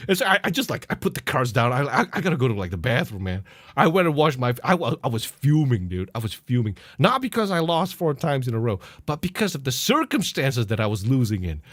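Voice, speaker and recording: A man co-hosting a podcast, telling a story in a casual, profane, animated way and laughing often. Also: mid-range voice, brisk, dry recording, studio quality. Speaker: podcast co-host.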